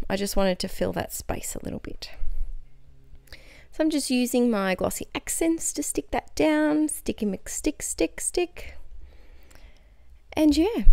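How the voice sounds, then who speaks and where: A woman's voice: medium pitch, gravelly, no room sound. Young woman doing a scrapbook voice-over, super chatty and enthusiastic, dry close mic. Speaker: scrapbooking crafter; teacher. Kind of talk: casual craft voice-over.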